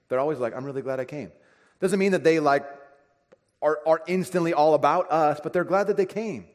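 A pastor preaching a conversational sermon, acting out everyday dialogue. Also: male voice, fairly high pitch, fairly quick. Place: church sanctuary. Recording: reverberant church hall.

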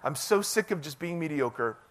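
A middle-aged male pastor preaching a sermon in a conversational, self-deprecating, animated way. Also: fairly high pitch, normal speed.

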